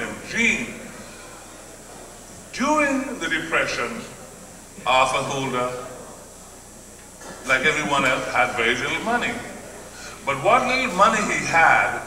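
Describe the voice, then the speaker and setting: Trinidadian guy spinning a showy story, kinda high voice, echoey hall, sounds far off from the mic. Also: sharp tone. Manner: playful, flamboyant, repeats words for effect. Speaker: honoree giving a speech. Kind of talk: theatrical storytelling speech. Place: large event hall.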